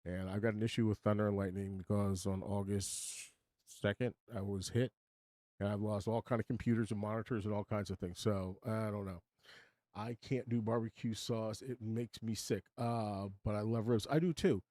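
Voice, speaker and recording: A man's voice: fairly low pitch, fairly even intonation, moderate pace, dark tone, no room sound. A man in his sixties hosting a casual livestream from his home studio, chatting with viewers in a rambling, self-deprecating way. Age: 60s. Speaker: livestream host.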